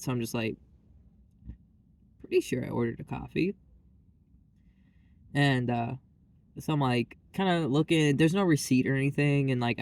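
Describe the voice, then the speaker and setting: A man's voice: medium pitch, a little mellow. Exasperated rambling man venting. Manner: rambling, exasperated, full of fillers and asides. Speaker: vlogger. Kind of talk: casual ranting monologue.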